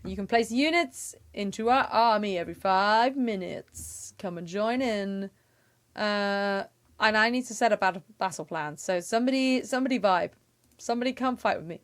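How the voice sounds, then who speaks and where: A woman's voice: mid-range voice, moderate pace. A young woman chatting casually with her viewers while she plays a game, giggling and humming little sound effects. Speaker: game streamer. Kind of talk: casual live-stream chat.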